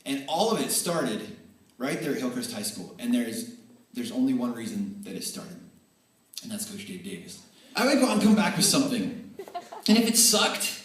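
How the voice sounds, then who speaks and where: A man giving a tribute speech at a banquet, telling energetic, animated stories that swing between excited and earnest. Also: medium pitch, normal speed. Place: large banquet hall. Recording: echoey hall, voice from far off.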